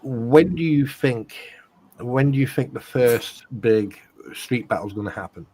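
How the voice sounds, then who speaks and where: A man's voice: mid-range voice, animated, a little slow, warm tone, rough recording. A man on a video call panel who talks bluntly, teases and swears a lot in casual chat. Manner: blunt, swears often, teasing. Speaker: panel guest.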